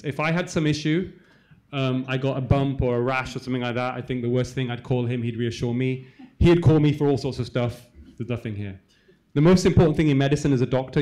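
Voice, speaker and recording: A man from England, a cardiologist, telling a personal story to a live audience in a fast, conversational way, dropping to a hushed voice in the sad parts. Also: mid-range voice. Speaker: cardiologist speaker. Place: conference hall.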